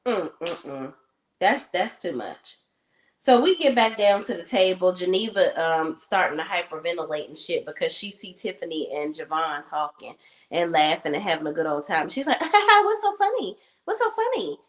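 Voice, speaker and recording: On a streamed talk show, a woman with a fairly low voice speaks at normal speed while casually recapping a TV episode. She tells it animatedly and with profanity, acting out the characters' lines. The remote stream setup makes the recording sound rough.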